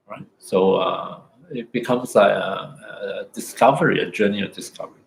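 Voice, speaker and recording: A man giving an unhurried, reflective dharma talk as a meditation teacher, often ending thoughts with "isn't it" or "no", then leading a guided meditation. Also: on the low side, creaky, roomy sound, rough recording.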